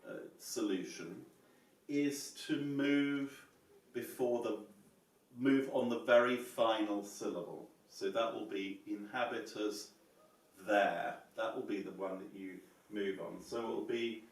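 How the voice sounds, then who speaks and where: With a voice on the low side, a man teaches psalm chanting in a measured, explanatory manner, frequently saying "yeah?" while demonstrating at the piano. He is a choral music teacher, captured by a distant mic in an echoey room alongside the piano.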